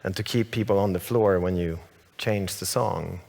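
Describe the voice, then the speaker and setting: A Swedish-born man whose first language is Swedish speaks in a low voice at a moderate pace, with vocal fry, a slightly mellow tone and the sound of a big room. He's a songwriter guest in a casual stage interview in a large hall, telling a story in a rambling, hesitant way with many restarts.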